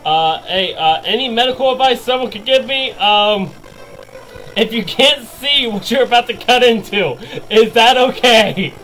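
A man giving jokey let's play commentary, excitable and yelping and laughing as things go wrong. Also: extremely high pitch, a little slow, slight background noise, low-quality recording. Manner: excitable, yelps and laughs at mishaps. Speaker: gaming video creator.

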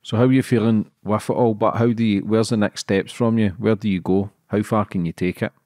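A man's voice: on the low side, steady tone, a little fast, a little mellow, no room sound, studio quality. A man hosting a podcast, asking questions casually and bluntly, swearing freely. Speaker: podcast host. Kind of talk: podcast interview.

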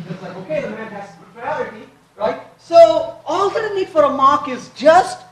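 A man giving a lively live technical talk, asking his audience question after question as he codes on stage. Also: very high voice, moderate pace. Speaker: conference speaker. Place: large conference hall. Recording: echoey hall from far off.

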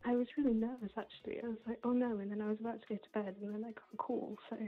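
A woman's voice: fairly high pitch, flat delivery, very fast. Flustered female fan on the phone, tinny phone line. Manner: giggly, flustered. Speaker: caller, fan.

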